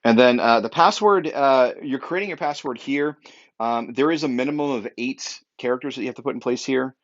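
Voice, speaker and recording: A man's voice: mid-range voice, fairly quick, muffled recording. A young man, an upbeat real estate technology trainer, giving an emphatic walkthrough with lots of fillers.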